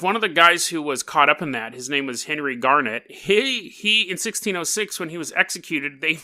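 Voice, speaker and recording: A man's voice: a little high, bright, forceful tone. A man hosting a podcast in casual talk, joking and chuckling through his asides. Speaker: podcast host.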